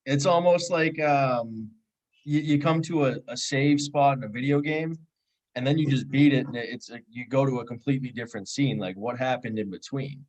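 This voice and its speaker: Man, mid-pitched voice, easygoing co-host, stumbles and restarts. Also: normal speed, poor audio. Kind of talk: casual chat.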